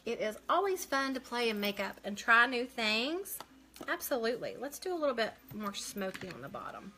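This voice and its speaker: A woman's voice: fairly high pitch, big pitch swings, normal speed, sharp tone, soft background music. A woman hosting a casual live makeup stream, chatting as she works and answering viewer comments aloud.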